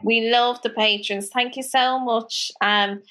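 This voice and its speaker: A woman chats on her podcast in a bright, sharp voice that sits a little high. She tells stories with lots of energy and laughs often. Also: slow. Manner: animated storytelling, laughs often, acts out quotes. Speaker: podcast co-host. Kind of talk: casual chat.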